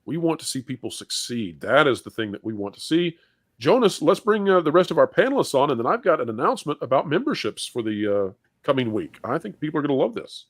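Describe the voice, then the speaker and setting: A man's voice: a little high, very animated, fast talker, dry recording, clean studio sound. A man hosting a livestream panel, upbeat and playful, with jokes between introductions. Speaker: host.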